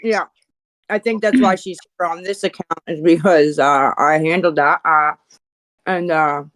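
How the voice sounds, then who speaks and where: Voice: medium pitch, fairly even intonation, measured pace, fairly bright tone, no echo, rough recording. A moderator in a casual online voice chat, speaking hesitantly with lots of fillers and restarts.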